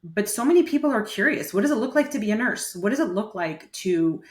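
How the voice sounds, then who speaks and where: A woman's voice: mid-range voice, lively intonation, a little fast. A woman in her thirties who works as a nurse coach, telling stories in a casual interview and using many "like" fillers. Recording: roomy echo.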